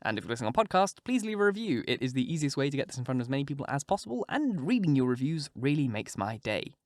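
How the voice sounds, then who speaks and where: A man's voice: mid-range voice, very animated, quick pace, no echo. A male audiobook narrator reading a first-person story in a folksy way, close to the mic.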